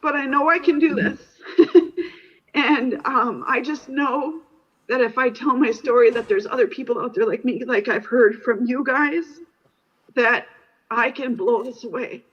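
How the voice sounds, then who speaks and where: A woman's voice: fairly high pitch, measured pace, slightly rough. A woman giving an emotional testimony at a conference, hesitant with many fillers. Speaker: conference attendee speaking on stage. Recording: muffled archive audio.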